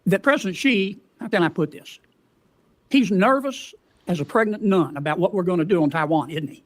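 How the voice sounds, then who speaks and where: High-voiced man asking leading questions. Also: lively intonation. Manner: leading questions, folksy, halting. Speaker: questioner at a hearing. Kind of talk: formal hearing questioning.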